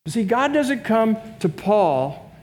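A man's voice: high voice, big pitch swings, slow pace. A man preaching a sermon as pastor, in a conversational way, putting rhetorical questions to his congregation. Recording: long reverb of a large room.

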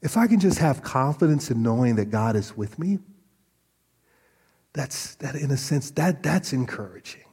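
Husky-voiced man preaching in a reverberant hall. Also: mid-range voice, moderate pace. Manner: animated storytelling with frequent restarts. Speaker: pastor. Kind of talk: sermon. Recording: long reverb of a large hall.

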